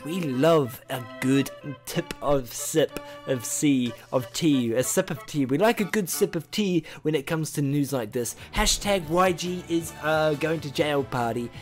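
A man's voice: high-pitched, moderate pace, hardly any pauses, a bit bright, faint music behind, voice pushed up. A man putting on a playful British accent to ramble through a cheery video sign-off. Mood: jokey.

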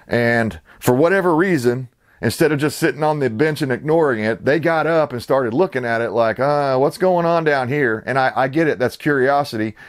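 A man hosting his own channel, ranting with sarcastic, indignant, rambling commentary. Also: medium pitch. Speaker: channel host.

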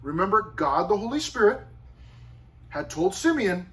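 A man's voice: sits high, sing-song, moderate pace, pauses often, a bit bright. A male pastor preaching a sermon in a conversational, storytelling way with chatty asides. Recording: voice far from the mic.

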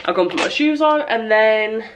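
A woman's voice: on the high side, animated, normal speed, background noise. Chatty young British woman vlogging. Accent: British English. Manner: chatty, rambling, self-deprecating. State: nervous, slightly out of breath. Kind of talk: casual chat to camera.

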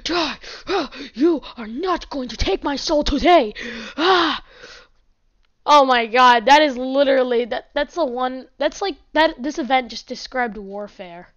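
A woman's voice: high voice, unhurried, a bit bright. A woman hosting casual gameplay commentary from home, chatty and giggly, chatting to her pets along the way. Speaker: gaming channel host. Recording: dull lo-fi mic.

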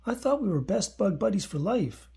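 A man's voice: high voice, sing-song, moderate pace, gravelly, dark tone, breathy edge, pitched above the performer's own voice, exaggerated voice. A man voicing a sad little boy bug in a storybook reading, in a plaintive voice. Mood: tearful.

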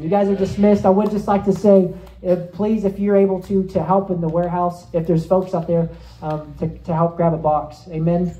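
Animated preacher in an echoey hall. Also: male voice, high voice, normal speed. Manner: animated storytelling, acting out scenes, rising to shouts. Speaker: pastor. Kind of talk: sermon with storytelling and prayer.

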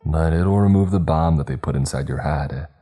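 A man voicing a calm adult man who gives grim instructions in a blunt, matter-of-fact way. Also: extremely low pitch, moderate pace, soft background music.

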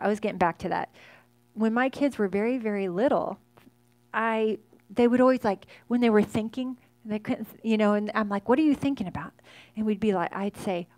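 A woman in her forties, a fitness instructor chatting warmly and effusively with her live class from an indoor space. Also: on the high side, no room sound. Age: 40s. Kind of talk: casual chat to a live class. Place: indoor home workout space.

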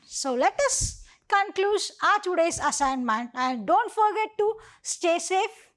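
A woman's voice: very high-pitched, animated, a little slow, a bit bright. A woman with an Indian English accent teaching an online phonics lesson to young children, spelling words out letter by letter. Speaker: primary school teacher.

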